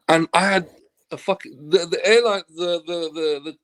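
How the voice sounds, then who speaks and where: Gravelly man telling a story. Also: on the high side, moderate pace. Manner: animated storyteller who acts out quoted dialogue and swears freely. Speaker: football agent, interview guest. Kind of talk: casual anecdote told in an interview.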